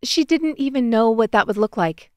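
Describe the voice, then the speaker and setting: A woman reading a romance audiobook as narrator in an even, measured way, recorded close on a studio mic. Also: a little high, no room sound.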